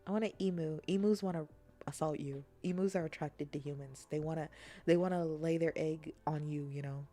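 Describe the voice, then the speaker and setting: A woman streamer in a casual, rambling chat, playful and often dropping into soft whispers. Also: low-pitched, fairly even intonation, brisk, soft background music.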